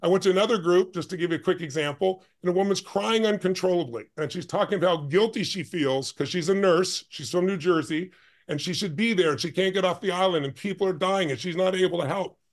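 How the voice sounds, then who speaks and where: A man telling a story as a podcast guest, his voice pitched somewhat high for a man. He talks with strong emphasis and rushes ahead in fast bursts. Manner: emphatic, intense, speeds up in bursts. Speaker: guest, life and business strategist.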